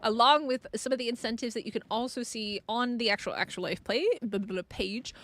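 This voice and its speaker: Bright, lively high-voiced woman streamer. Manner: excitable, quick to exclaim and laugh. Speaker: game streamer. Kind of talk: live gaming commentary.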